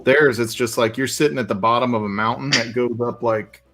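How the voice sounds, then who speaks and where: A man's voice: mid-range voice, steady tone, brisk, fairly bright tone, faint music behind. A man from the United States chatting casually as co-host, laid-back with casual swearing. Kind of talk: casual chat.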